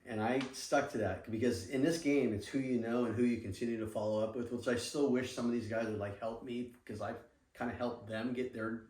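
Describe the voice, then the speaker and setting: A man's voice: medium pitch, fairly even intonation, a little fast, a little mellow. A middle-aged man telling business stories in a casual interview, acting out quoted dialogue and swearing freely. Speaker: podcast guest, surf apparel businessman. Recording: roomy sound from a distant mic.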